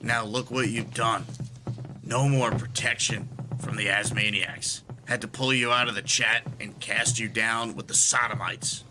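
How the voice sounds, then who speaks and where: A man playing a gruff jailer who mockingly banishes someone, heard over a music bed. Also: medium pitch, steady tone, a little slow, natural voice. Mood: menacing. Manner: menacing, mocking. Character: gruff male jailer banishing a chat troll.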